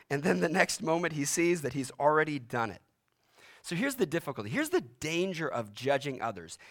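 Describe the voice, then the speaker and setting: A man delivering a sermon in a dramatic storytelling manner. His voice sits slightly high and moves constantly, climbing to ringing peaks and sinking low for emphasis. He shifts between urgency and quiet gravity. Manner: dramatic storytelling, voice rising and dropping sharply for emphasis. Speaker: pastor.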